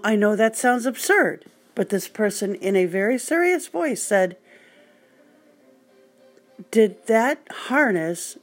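Older woman podcast host, slow and wry, casual storytelling. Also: mid-range voice. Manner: wry, dry humor.

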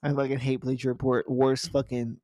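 A man's voice: mid-range voice, flat delivery, fairly quick, darkish tone, no room sound, studio quality. A man co-hosting a sports podcast, laid-back and swearing often as he makes picks. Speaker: podcast co-host. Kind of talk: casual sports chat.

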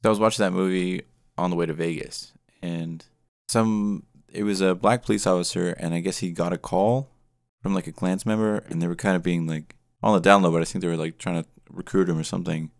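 A man's voice: low-pitched, steady tone, brisk, vocal fry, no room sound, studio quality. A man co-hosting a podcast, retelling a story in a rambling, hedging way. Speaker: podcast co-host. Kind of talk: casual chat.

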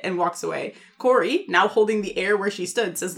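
A woman's voice: medium pitch, a little fast. A woman co-hosting a podcast, chatting casually and retelling sitcom scenes, acting out the characters' lines as she goes. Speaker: podcast co-host. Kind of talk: casual recap chat.

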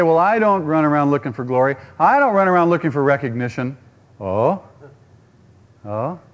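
A man's voice: a little high, darkish tone. A man preaching a sermon, using rhetorical questions and acting out quotes. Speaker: pastor.

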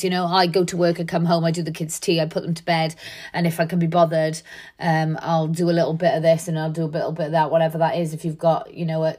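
A middle-aged woman, giving an earnest, conversational motivational talk full of fillers. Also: lowish voice. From Wales. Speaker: podcast host. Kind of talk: motivational monologue.

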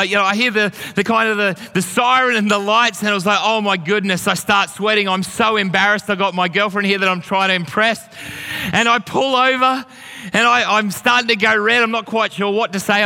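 Bright high-voiced pastor preaching. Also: male voice, creaky. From Australia. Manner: storytelling, earnest and encouraging. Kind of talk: sermon. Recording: long hall reverb.

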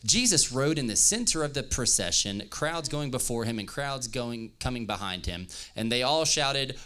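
Playful male pastor, bright tone, animated delivery, reads scripture. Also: medium pitch, moderate pace, hardly any pauses, clean tone. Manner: playful, joking with the audience, reading scripture aloud. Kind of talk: lively youth-service sermon with scripture reading.

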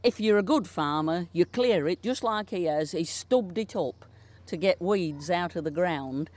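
A woman's voice: fairly low pitch, a little slow, darkish tone. A woman with a Lincolnshire accent, a dialect speaker chatting in an interview and reading dialect verse with relish. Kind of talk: conversational interview.

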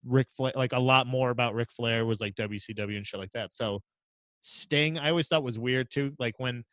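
A man's voice: medium pitch, moderate pace, dry recording. Rambling, swearing male podcast host. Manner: rambling, profane, animated storytelling. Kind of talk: casual chat.

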